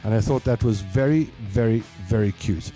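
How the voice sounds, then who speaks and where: A man's voice: on the low side, normal speed, mellow, soft background music. A man with a South African accent hosting a show, telling rambling personal stories in a casual way. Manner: chatty, rambling anecdotes with repeats. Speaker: show host. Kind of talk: casual storytelling.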